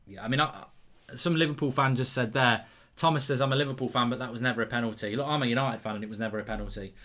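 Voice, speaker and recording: A man in his thirties hosting a football watchalong, reading viewer messages aloud and commentating the match as it happens, getting loud and excited in big moments. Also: mid-range voice, rapid-fire. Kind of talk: live match commentary and chat.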